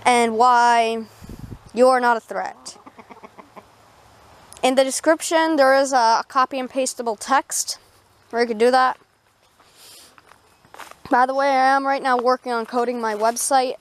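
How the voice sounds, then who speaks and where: A woman's voice: high voice, steady tone, a little slow, pauses often. Chatty Canadian vlogger girl outdoors. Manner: chatty, talks softly to her chickens. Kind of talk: casual backyard tutorial vlog. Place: outdoor backyard with chickens. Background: chickens clucking.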